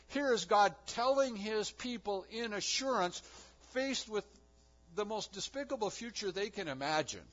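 A husky-voiced male pastor delivers a sermon with strong emphasis. He swings from loud, rising declarations to quiet, low-pitched lines. The recording sounds dull and muffled.

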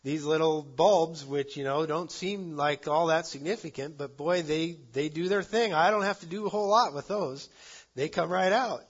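A man preaching a sermon, earnest, rising to loud emphasis and dropping to soft endings. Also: fairly high pitch, moderate pace, breathy edge, dull audio. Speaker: pastor.

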